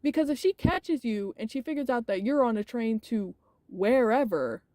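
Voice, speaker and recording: A woman's voice: on the high side, animated, moderate pace, warm tone, dry recording. A woman streamer chatting casually with lots of fillers while reading a game aloud into a close mic. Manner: rambling with many fillers.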